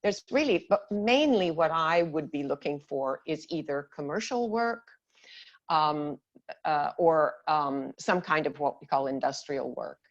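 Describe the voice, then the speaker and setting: A woman's voice: deep voice, animated, unhurried, muffled recording. A woman voiceover artist on a video call, explaining her work in a friendly way. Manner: explaining, friendly, laughs easily. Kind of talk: casual video-call chat.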